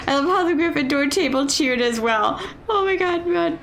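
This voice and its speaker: High-voiced woman giggling through gameplay. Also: lively intonation, moderate pace, a bit bright, a little hiss or hum. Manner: giggly, laughing constantly. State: breathless from laughter. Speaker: gameplay streamer. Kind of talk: casual gameplay commentary.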